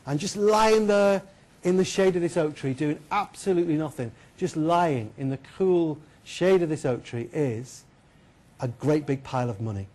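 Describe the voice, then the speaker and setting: A man giving a keynote lecture, telling a story in a lively, chatty way and putting questions to the audience. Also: a little high, moderate pace. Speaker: keynote speaker. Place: lecture hall.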